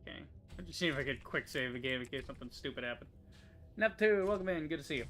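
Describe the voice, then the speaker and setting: Bright-voiced young man swearing at a game. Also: medium pitch. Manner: profane, quick to frustration, muttering to himself. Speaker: gaming streamer. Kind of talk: casual let's-play commentary.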